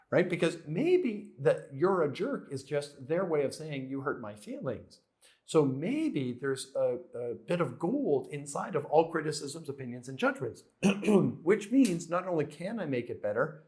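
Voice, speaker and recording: A man's voice: a little high, a little mellow. A man giving an earnest spiritual self-help talk, repeating phrases and asking rhetorical questions. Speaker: motivational speaker.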